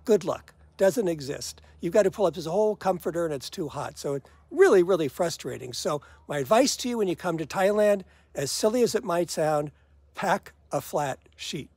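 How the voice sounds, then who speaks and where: An older man with a fairly high voice talks casually to the camera, complaining with a wry, self-mocking humor. The sound is close and dry, with no room echo. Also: expressive, moderate pace, darkish tone, breathy edge. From United States. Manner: chatty, wry, laughs at his own gripes. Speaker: vlogger.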